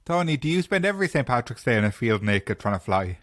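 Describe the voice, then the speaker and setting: Dry-voiced Irish podcast host. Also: male voice, mid-range voice, sing-song, fast talker, no echo. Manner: quizzing friends, dry and teasing. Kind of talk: casual chat.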